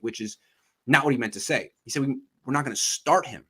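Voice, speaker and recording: A man hosting a casual sports talk show, animated and acting out quotes from others as he tells them. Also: medium pitch, fast, husky. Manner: animated, acts out quotes in voices. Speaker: podcast host.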